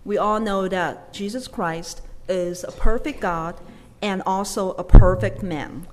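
A woman interpreting a sermon live, quick phrases with fillers and self-corrections. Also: medium pitch, long reverb tail, slight background noise.

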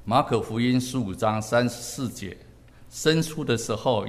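Lower-voiced man preaching in a hall. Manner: preaching in short measured phrases, pausing for interpretation. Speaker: pastor. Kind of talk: sermon.

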